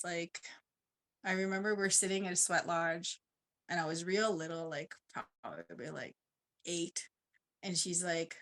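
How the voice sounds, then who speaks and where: Woman panelist, casual storyteller, rambling, mid-pitched. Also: fairly bright tone. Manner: casual and rambling, uses 'like' a lot. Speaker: conference panelist. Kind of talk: personal storytelling talk.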